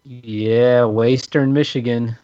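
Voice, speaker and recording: A man's voice: mid-range voice, steady tone, slow, no echo. A man in his thirties, a guest in casual chat, playful and joking. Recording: dull lo-fi mic.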